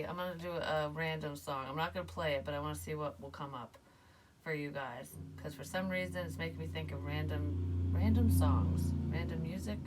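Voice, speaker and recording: A woman's voice: sits low, a little hiss or hum. A woman giving a casual tarot reading, chatty and emotional, swearing now and then. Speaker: psychic tarot reader.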